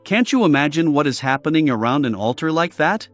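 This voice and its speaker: A man's voice: fairly high pitch, expressive, brisk, dry recording, faint music behind, close to an everyday voice. A man voicing Leonard, a teasing investigator. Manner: easygoing and playful. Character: confident, teasing young male investigator.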